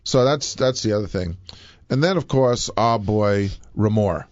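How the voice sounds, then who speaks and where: A man hosting a casual talk show, rambling and animated, often acting out quotes in mocking voices. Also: fairly low pitch, a little slow, dull audio. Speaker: show host. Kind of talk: casual political chat.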